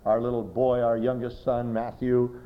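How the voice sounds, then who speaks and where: A man's voice: mid-range voice, level tone, normal speed, smooth, lo-fi sound. A male pastor preaching a sermon, telling personal stories emphatically and speaking straight to his listeners. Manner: emphatic storytelling, direct address to listeners.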